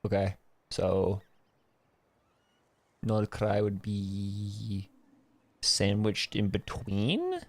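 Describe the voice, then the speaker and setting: A man's voice: fairly low pitch, big pitch swings, very slow, pauses often, a little mellow, dry recording. A man casually commenting on a game as he plays, joking and swearing. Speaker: streamer. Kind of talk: gameplay commentary.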